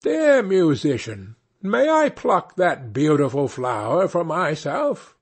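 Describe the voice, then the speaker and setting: A man reading a fairy tale aloud, voicing a wicked, murderous old witch in a raised, sharp voice. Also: a little high, very animated, slow pace, slightly rough, exaggerated voice. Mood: sweetly coaxing.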